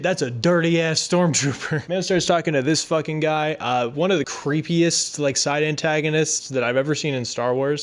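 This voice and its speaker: A man giving a sarcastic, swear-filled comedic recap of a show, slipping into goofy mock voices for the characters. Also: a little high. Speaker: YouTube recap host.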